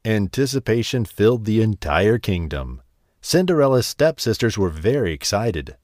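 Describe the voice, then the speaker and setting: Lively, expressive male storyteller. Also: lowish voice, no echo, clean studio sound. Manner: expressive, measured read-aloud delivery. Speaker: narrator. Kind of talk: storybook narration.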